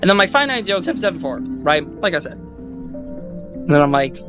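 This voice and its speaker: A man casually recapping a game he played, rambling and swearing, acting out his own thoughts with loud outbursts, with loud music behind. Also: sits high, big pitch swings, moderate pace, poor audio. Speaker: gaming video host.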